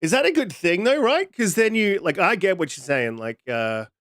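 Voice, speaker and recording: Higher pitched dude on a gaming pod, jokey, rambly, dry mic. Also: male voice, expressive, moderate pace, a bit bright, no echo. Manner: joking, sarcastic, rambling with lots of likes. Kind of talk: casual podcast chat.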